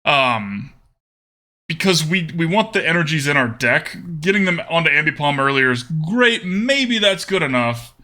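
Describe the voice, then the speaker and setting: Bright, lively male game streamer. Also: on the high side, moderate pace. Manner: thinks aloud, chats with viewers between plays. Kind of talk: casual live-stream game commentary.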